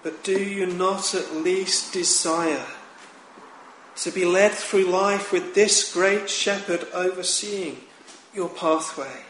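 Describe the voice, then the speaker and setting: Man, sermon, slow solemn preaching, echoey room recording, faint hiss behind. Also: high-pitched, a bit bright. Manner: slow, measured, solemn delivery with emphatic rises.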